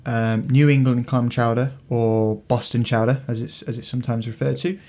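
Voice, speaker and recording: A man's voice: mid-range voice, level tone, moderate pace, darkish tone. Easygoing man explaining food to a co-host. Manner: explains at length with joking asides. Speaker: podcast co-host. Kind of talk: casual food chat.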